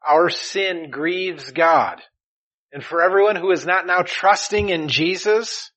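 Pastor, male, slightly raised pitch; earnest preaching, surges in volume on key lines, falls quiet at line ends. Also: poor audio. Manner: earnest preaching, swelling louder on key phrases and dropping soft at line ends. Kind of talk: sermon.

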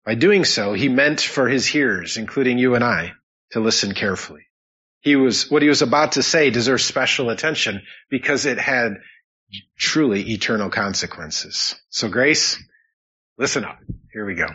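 A man's voice: mid-range voice, sharp tone, breathy edge, highs cut off. A man preaching a sermon as pastor, praying and then teaching in an earnest way with dry teasing asides, in a church sanctuary. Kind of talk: sermon with opening prayer.

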